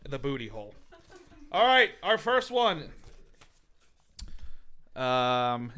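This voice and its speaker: Sarcastic swearing young dude, bright voice, lots of pitch swings. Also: male voice, very animated, takes it slowly, long pauses, smooth. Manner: sarcastic, profane, exasperated. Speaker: podcast co-host. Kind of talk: crude casual banter.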